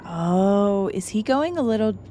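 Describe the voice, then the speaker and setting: A woman's voice: medium pitch, animated, measured pace, dark tone, slight background noise. A young woman streaming a horror game, joking and swearing bluntly as she plays, with faint game music behind. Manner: blunt, profane, joking asides. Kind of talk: casual gameplay commentary.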